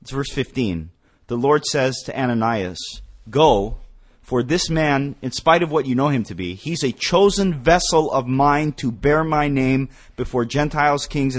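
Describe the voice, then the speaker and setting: Emphatic man in a theology talk show. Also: mid-range voice. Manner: emphatic, rising to forceful peaks. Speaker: radio show co-host. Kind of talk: theological radio discussion.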